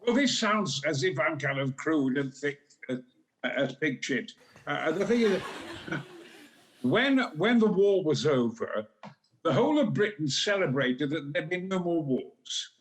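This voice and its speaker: A man in his eighties with a Yorkshire accent, telling bawdy anecdotes in a booming, dramatic, theatrical style as a talk show guest. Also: big pitch swings, measured pace, a little hiss or hum. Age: 80s. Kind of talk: theatrical storytelling.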